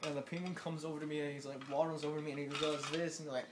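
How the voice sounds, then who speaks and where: A man telling a rambling, made-up absurd story, hesitant and full of ums and "you know", mostly low-key and quiet, filmed at home on a handheld camera. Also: steady tone, very fast, hardly any pauses. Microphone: handheld camera held by a friend. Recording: noisy home video with clattering dishes.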